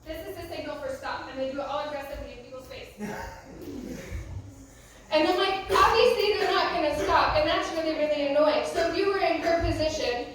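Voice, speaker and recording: A woman's voice: sits high, fairly quick, slight background noise. A young American woman, a youth pastor, giving a casual, conversational talk with many fillers. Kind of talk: youth sermon. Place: church youth room. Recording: echoey room, from a distance.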